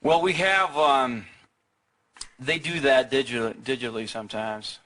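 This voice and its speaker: A man's voice: medium pitch, unhurried, sharp tone. A man in his thirties whose first language is Swedish, answering questions in a TV studio interview, hesitant with many fillers and restarts. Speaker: actor guest.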